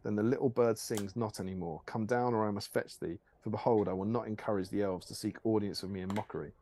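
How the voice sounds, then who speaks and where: A man's voice: fairly low pitch, fairly even intonation, fast talker, mellow, slight background noise, close to an everyday voice. A man reading aloud as a cruel, haughty male cat lord with a harsh, snarling manner. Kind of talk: storybook reading.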